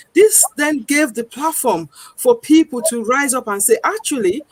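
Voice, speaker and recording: A woman's voice: high-pitched, no echo. A woman speaking as a guest campaigner, earnest and persuasive, stressing her points and repeating them. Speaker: guest campaigner on accent discrimination. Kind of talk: earnest studio talk. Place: lives in northern England.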